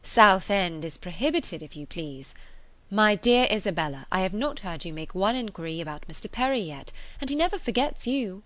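Woman reading as a lively, teasing young lady. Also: fairly low pitch, moderate pace, hardly any pauses, no echo. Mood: playful brisk. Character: lively clever young woman, playful and managing.

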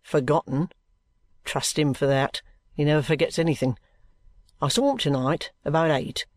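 A reader voicing a sulky, gruff young man who answers in curt, grumbling sentences. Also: mid-range voice, moderate pace, no room sound, clean studio sound, close to an everyday voice.

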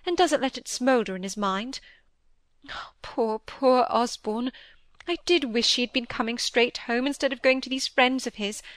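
A woman voicing a gentle middle-aged mother, plaintive and soft, tumbling on in distress. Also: on the high side, dry recording, close to an everyday voice. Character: tearful gentle middle-aged mother, anxious for her son.

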